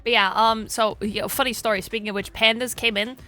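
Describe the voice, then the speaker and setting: A woman's voice: on the high side, steady tone, a little fast, pushed and bright. A young woman streaming, chatting crudely with her chat, rambling and laughing as she goes. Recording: music playing behind.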